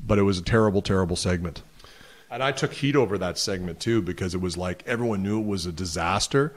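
Brief: lower-pitched male guest, animated storyteller, plays out the other voices in his stories. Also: fast talker. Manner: animated, acts out other people's lines. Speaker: podcast guest. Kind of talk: casual storytelling.

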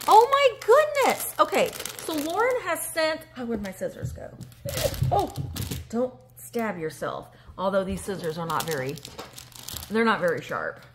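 A woman, chatting casually on a handheld phone vlog as she reads fan mail and opens a gift, emotional and gushing with breathy gasps. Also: on the high side, noisy background. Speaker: vintage reseller vlogger. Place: indoors at a table. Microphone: handheld phone camera.

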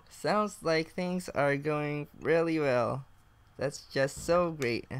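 A young gaming video creator plays a chat-based game, reading messages aloud and reacting with laughter and casual cursing in let's-play style. His voice sits a little high and comes through clean, and he speaks very slowly.

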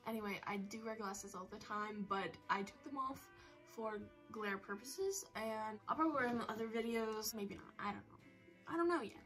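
Teen girl vlogger, chatty and self-mocking, a bit high, phone mic, soft music under. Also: moderate pace, rough recording. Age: teens. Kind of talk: casual chat to camera.

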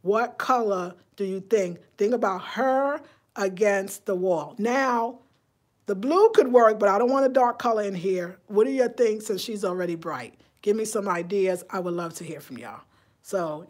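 A chatty woman talks to her viewers on a casual live stream from inside her home. She keeps it lively and personal, and she asks them questions as she goes. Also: mid-range voice. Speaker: vlogger.

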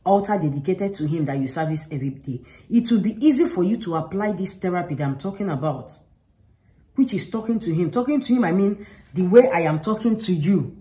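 Woman, low warm voice, earnest, informal, talking to camera, repeats for emphasis. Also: animated, fairly quick, poor audio. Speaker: faith vlogger. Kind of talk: earnest direct-to-camera advice.

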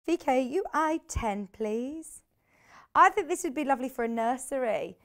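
A woman talks viewers through products on a live shopping channel from a TV studio. She is chatty and bubbly and laughs easily. Her voice sits a little high. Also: lively intonation, normal speed, a bit bright.

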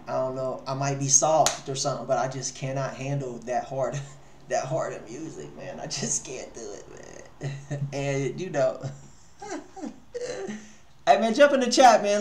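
A man hosting a live music review stream in casual chat. He talks in loose slang with a slight stutter, swinging from low mumbled asides to loud exclamations. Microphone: headphones on while streaming.

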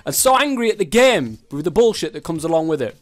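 A man's voice: a little high, big pitch swings, quick pace, faint music behind. A young man commentating his football game in casual chat, swearing a lot and ranting in frustration at the game. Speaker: gaming YouTuber.

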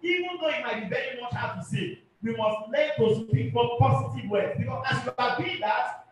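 A man's voice: very high-pitched, normal speed, over music. A man preaching a fervent sermon as pastor, repeating his points and calling for amens. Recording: very echoey hall, far from mic.

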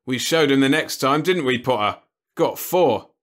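A man's voice: mid-range voice, animated, moderate pace, pitched above the performer's own voice, lightly acted. A man doing a chatty, frontier farmer. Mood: boastful. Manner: chatty, boastful, folksy. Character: talkative, cheerful male frontier farmer. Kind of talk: audiobook character voice.

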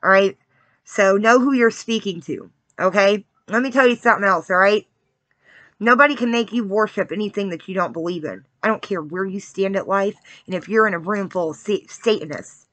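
A woman with a bright, forceful voice delivers a spiritual message like a casual sermon. She speaks earnestly and confidingly and keeps checking in with her listeners. The recording is dry and close, with no room sound. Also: mid-range voice, normal speed, no room sound. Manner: earnest, keeps checking in with "all right?" and "okay?"; confiding and testimonial. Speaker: spiritual card reader. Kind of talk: casual preaching to viewers.

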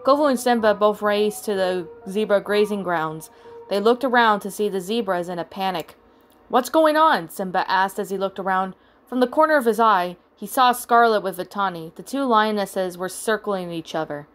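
Storyteller woman, mid-pitched, plain read-aloud narration, faint music bed. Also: moderate pace. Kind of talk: reading fan fiction aloud. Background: soft background music.

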